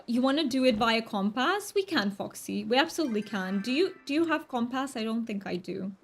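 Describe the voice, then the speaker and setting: Woman gaming streamer, bit high voice, rambly casual chat, quiet music under it. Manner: chatty, rambling with fillers and self-corrections.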